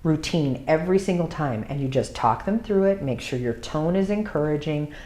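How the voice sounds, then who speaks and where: A woman with a notably low speaking voice gives an instructional talk on dog grooming. She speaks emphatically as an experienced groomer and educator, hammering home her main points. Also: expressive, moderate pace, dark tone. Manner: emphatic, repeats key points.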